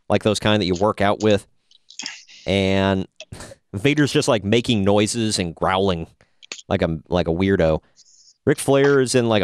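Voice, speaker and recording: A laid-back man chatting casually on a podcast, sarcastic and quick to laugh. His voice is smooth and resonant, recorded close and dry with no room sound. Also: fairly low pitch, dry recording. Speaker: podcast host reviewing wrestling. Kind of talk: casual chat.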